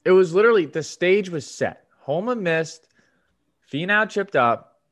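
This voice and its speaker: A man co-hosting a casual sports podcast, easygoing and given to drawn-out retelling. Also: high voice, lively intonation, a bit bright. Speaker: podcast co-host. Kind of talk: casual chat.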